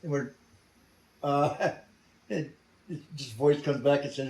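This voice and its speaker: A man's voice: mid-range voice, steady tone, a little slow, long pauses, a little mellow, far from the mic. Older man, blunt salty storyteller, recorded from off mic in a roomy space. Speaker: veteran interviewee. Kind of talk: storytelling interview.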